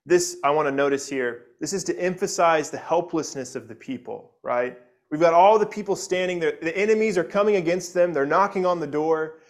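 With a brisk pace and a voice on the high side, a pastor gives an earnest expository sermon, frequently repeating words and checking in with "right?" He reads scripture aloud with feeling.

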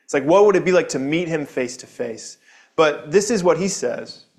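A man's voice: fairly high pitch, lively intonation, normal speed. Earnest man preaching in church. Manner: earnest, conversational preaching with rhetorical questions. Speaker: pastor. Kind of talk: sermon. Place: church building.

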